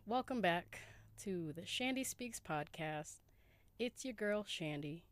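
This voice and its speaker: A tired woman in her forties talks into her podcast in a groggy morning voice, relaxed and a little giggly, with slang and the odd swear. Her voice sits slightly low. The sound is close and dry, recorded inside a camper van. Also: slow, no echo. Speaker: podcast host. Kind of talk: casual solo podcast chat.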